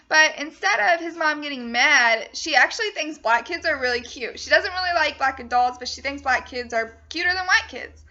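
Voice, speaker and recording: A young woman gives a class presentation on a short story, retelling it casually and leaning on "you know" and "um". Her voice sits high and sounds bright and sharp. The recording is dull and lo-fi. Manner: chatty, full of fillers like "you know" and "um". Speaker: student presenter. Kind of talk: casual spoken book summary.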